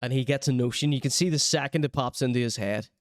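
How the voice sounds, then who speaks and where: A man's voice: medium pitch, quick pace, no room sound, clean studio sound. A man hosting a podcast, commenting on viral clips in a casual, chatty and sarcastic way, laughing often. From Northern Ireland. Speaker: podcast host reviewing clips.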